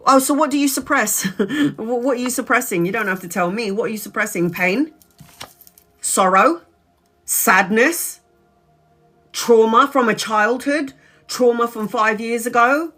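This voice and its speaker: A woman's voice: on the high side, unhurried, long pauses, pushed and bright, soft background music. Frank, casually swearing tarot reader woman. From Brazil. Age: 40s. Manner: frank, swears casually, direct address to viewer. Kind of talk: live tarot reading.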